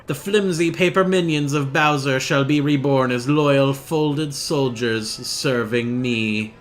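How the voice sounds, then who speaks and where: A man voicing a grandiose male origami king villain, drawing his lines out slowly and theatrically while reading game dialogue aloud. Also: mid-range voice, lightly acted. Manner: slow, drawn-out and theatrical.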